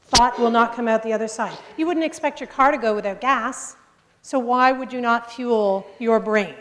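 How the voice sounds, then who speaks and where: There's background noise as a presentation skills coach, a woman with a slightly high voice, guides her group through breathing exercises at a moderate pace. The live workshop takes place in a large room, so the sound is reverberant like a hall, and her style is upbeat, jokey and directive.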